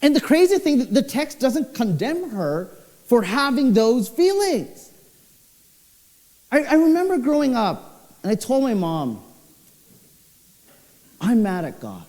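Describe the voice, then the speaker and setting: Expressive young man preaching in a reverberant church. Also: a little slow. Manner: expressive storytelling, voice swinging low and high. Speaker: pastor. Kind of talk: sermon. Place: church hall. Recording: church hall with long reverb.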